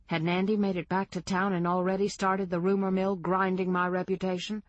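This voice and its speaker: Brief: woman audiobook narrator, low register, dry studio sound, first-person storytelling. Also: flat delivery, a little fast, dry recording, dull audio. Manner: reads in first person, lightly voicing characters. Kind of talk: scripted narration.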